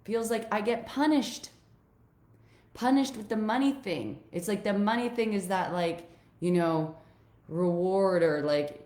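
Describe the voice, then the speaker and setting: A woman's voice: mid-range voice, unhurried, darkish tone, reverberant. A woman life coach talking raw and heartfelt to her viewers, swearing freely as she opens up about old pain. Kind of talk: emotional personal vlog to viewers.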